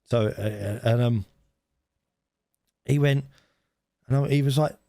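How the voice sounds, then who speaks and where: A middle-aged man co-hosting a podcast, telling an anecdote in a casual, animated way with frequent laughs and restarts. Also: mid-range voice, unhurried, vocal fry, no echo, studio quality. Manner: animated storyteller, laughs often, many restarts. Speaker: podcast co-host. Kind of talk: casual storytelling chat.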